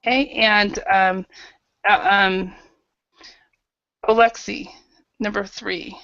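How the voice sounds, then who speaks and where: A woman's voice: mid-range voice, little pitch movement, slow pace, a bit bright, no echo, lo-fi sound. A woman teaching an online English grammar class, patiently calling on students by name and correcting their answers.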